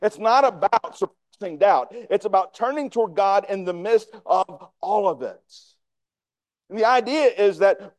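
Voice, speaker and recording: A man's voice: high-pitched, expressive, unhurried, a little mellow, no room sound. A male pastor preaching a sermon in a conversational way, putting questions to the congregation.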